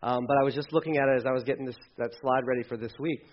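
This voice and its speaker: A man preaching a sermon as pastor, animated, acting out quoted voices and swinging between loud and hushed. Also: medium pitch, very fast, muffled recording.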